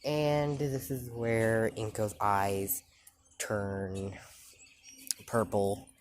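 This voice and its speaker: Slow, rambling male fan storyteller. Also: on the low side, level tone, a little hiss or hum. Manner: rambling, halting, full of fillers. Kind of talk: casual fan-story retelling.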